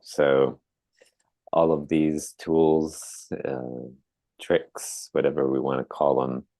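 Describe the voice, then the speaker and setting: A man's voice: rumbling low, vocal fry, darkish tone, dry recording. A man co-hosting a conversation, giving brief, easygoing prompts and affirmations. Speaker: co-host. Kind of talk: casual conversation.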